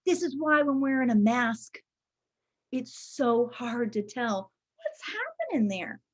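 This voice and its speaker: A woman giving a live workshop talk over a video call, teaching in a lively way and often checking in with "right?". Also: on the high side, slow. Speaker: workshop presenter. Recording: muffled video-call audio.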